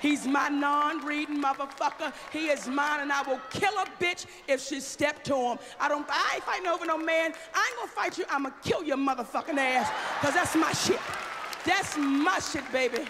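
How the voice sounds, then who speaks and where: A brash woman comedian working a live audience, voice rough and gravelly, shouting her punchlines. She sounds like she is on a big stage, with long reverb trailing off her words and a loud crowd behind her. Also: high-pitched, normal speed, noisy background. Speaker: stand-up comedian. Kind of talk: live stand-up set.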